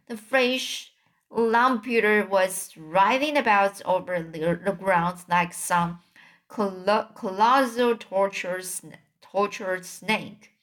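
A woman reading a children's novel aloud in a slow, halting way, often restarting words. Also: mid-range voice, fairly even intonation, a bit bright. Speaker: reader.

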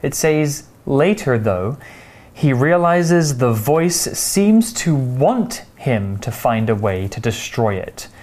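A man teaching English vocabulary, explaining words slowly and carefully with example sentences. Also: mid-range voice, sing-song, a little mellow. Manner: slow, careful, clear explanations.

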